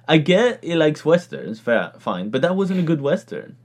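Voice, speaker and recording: A man chatting casually as a co-host, his voice swinging lively up and down. He rambles with fillers and breaks into laughter often. It sounds like an easygoing talk between friends. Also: on the high side, normal speed. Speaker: podcast co-host. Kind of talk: casual chat.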